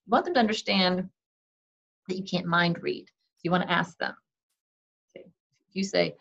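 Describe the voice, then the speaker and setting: A woman's voice: fairly low pitch, expressive, moderate pace, gravelly, pauses often. A woman giving casual parenting advice in a conversational way, often saying "okay" and acting out what parents and kids say. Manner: conversational, frequent "okay", acts out parent and kid lines. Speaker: parenting advisor. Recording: dull lo-fi recording.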